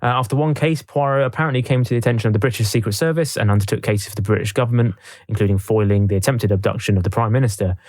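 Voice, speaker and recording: A man's voice: fairly low pitch, racing, hardly any pauses, darkish tone, dry recording. A man co-hosting a podcast, reading from notes in a dry, casual way. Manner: reads from notes, dry, laughs easily. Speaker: podcast co-host.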